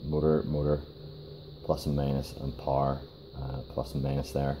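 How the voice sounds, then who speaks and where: A man giving a casual hands-on workshop demonstration, talking in a halting way with many fillers and restarts. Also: a bass voice, monotone, background noise. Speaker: DIY car repair video host.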